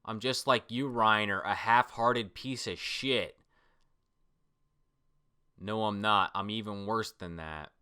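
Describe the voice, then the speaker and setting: A man reading a comic's lines as a bitter, guilt-ridden young man, slower and lower than his own talk. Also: sharp tone, smooth. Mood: brooding.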